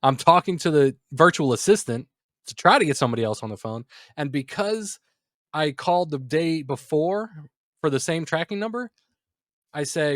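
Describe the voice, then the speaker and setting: A man's voice: on the high side, moderate pace, dry recording. Podcast co-host, male, thirties, irritated storyteller, dry close-mic sound. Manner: exasperated, animated storytelling. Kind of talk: casual ranting story.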